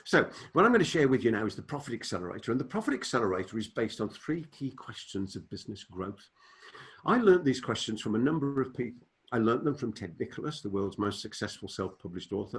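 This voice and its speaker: An older man giving a business lecture to an audience, telling stories and acting out the dialogue in them. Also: lowish voice. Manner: storytelling, animated, acts out quoted dialogue. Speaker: business speaker.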